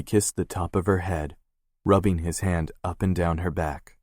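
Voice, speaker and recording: A man narrating an audiobook in a steady, measured read. His voice is very low and deep, and the recording is close and dry with no room echo.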